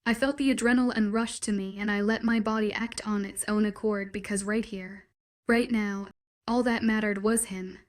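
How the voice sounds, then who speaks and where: Woman narrating a romance audiobook softly. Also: medium pitch, steady tone, moderate pace.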